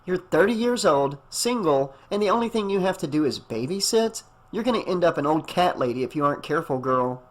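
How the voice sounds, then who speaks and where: A man's voice: fairly high pitch, lively intonation, brisk, hardly any pauses. Man reading a teasing, breezy woman in her thirties, slightly lifted voice, audiobook. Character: brash, joking woman babysitter, thirties.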